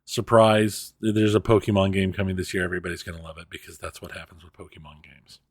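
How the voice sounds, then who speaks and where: A man's voice: sits low, fairly even intonation, quick pace, dry recording. A man co-hosting a casual gaming podcast, giving news with wry, dry asides. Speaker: podcast co-host.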